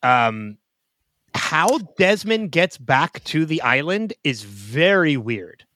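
A man co-hosting a casual podcast, relaxed and laughing easily with plenty of fillers. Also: a little high, takes it slowly, no room sound, studio quality. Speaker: podcast co-host.

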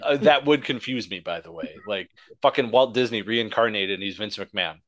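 A man's voice: on the low side, a little fast, fairly bright tone, dry recording. A man co-hosting a casual wrestling podcast, ranting sarcastically and swearing constantly. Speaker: podcast co-host.

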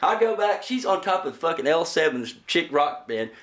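A man's voice: fairly high pitch, big pitch swings, fairly quick, a bit bright. Laughing, profane man in a roomy space. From Oklahoma. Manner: profane, laughing through his own anecdotes. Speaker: guest musician. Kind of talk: casual storytelling. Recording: roomy echo with faint noise.

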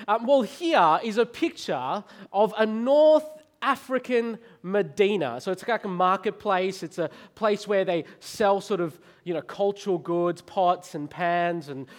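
High-voiced Australian preacher. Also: male voice, a little slow, few pauses. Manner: animated storytelling, stammers and repeats words. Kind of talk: sermon.

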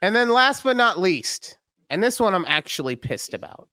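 A woman's voice: mid-range voice, sing-song, moderate pace, sharp tone, dry recording, clean studio sound. Teasing, foul-mouthed woman podcast host. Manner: teasing, frank, swears freely. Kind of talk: casual podcast chat.

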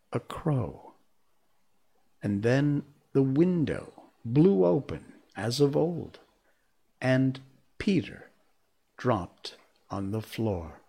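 A man reading a storybook aloud as narrator, measured and expressive. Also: mid-range voice, gravelly, breathy edge.

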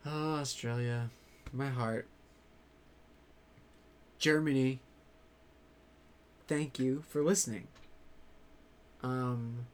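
A man talking loosely to his audience at an unhurried pace. He rambles and drops casual swears, stopping often on ums and restarts. His pitch sits in the middle range. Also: slight background noise. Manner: rambling, swears freely, halting with many fillers. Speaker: vlogger. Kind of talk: casual chat to viewers.

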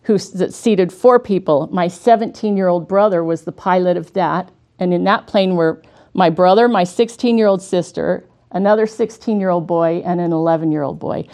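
Brief: middle-aged woman, devotional talk, earnest storyteller, warm mellow tone. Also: fairly low pitch, moderate pace. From Washington state, USA. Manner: earnest and conversational, with small restarts. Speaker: speaker giving a devotional talk.

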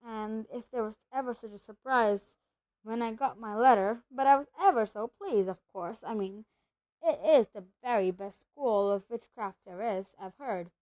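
A woman reading a storybook aloud and voicing a bossy, self-assured young schoolgirl who talks quickly and proudly. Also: a little high, a little mellow, natural voice, low-quality recording. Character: bossy know-it-all schoolgirl, brisk and proud.

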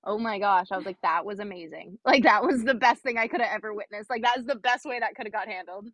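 A young woman chats as a podcast guest, her voice sitting a bit high. She tells her story with animation and acts out what people said, with plenty of fillers. The sound is dry and close. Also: fast, dry recording. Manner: animated, acts out quoted dialogue, many fillers. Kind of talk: casual storytelling chat.

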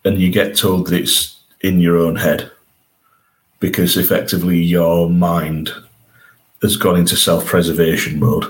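A man's voice: low voice, flat delivery, measured pace, poor audio. A man co-hosting a podcast, chatting eagerly about a TV episode and often restarting his sentences. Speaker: podcast co-host. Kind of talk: casual chat reviewing a TV episode.

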